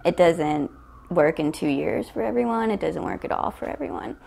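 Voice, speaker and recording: A woman in her thirties with a low, slightly gravelly voice tells a personal story to an interviewer. She is candid and chatty, and she laughs often between her lines. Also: normal speed, a little hiss or hum. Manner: laughs often while telling, animated quoted asides. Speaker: podcast guest, storyteller.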